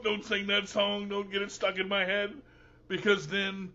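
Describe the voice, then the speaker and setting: A man hosts his own show with an unhurried, playful, joking delivery. His voice sits high and bright. The recording sounds dull and lo-fi. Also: completely flat delivery. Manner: jokey, playful storyteller. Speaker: show host. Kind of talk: casual podcast talk.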